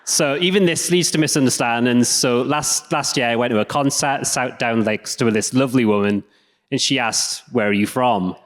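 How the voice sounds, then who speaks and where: A man's voice: mid-range voice, normal speed. A man with an English accent giving a self-deprecating, conversational live talk. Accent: English regional. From England. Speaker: speaker. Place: stage in a hall. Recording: echoey hall.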